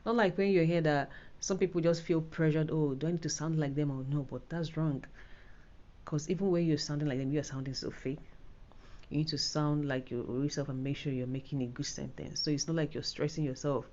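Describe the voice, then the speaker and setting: A woman's voice: low voice, steady tone, fairly quick, darkish tone, highs cut off. A Nigerian woman giving a casual, rambling spoken tutorial on an exam, full of fillers and restarts. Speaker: IELTS tutor.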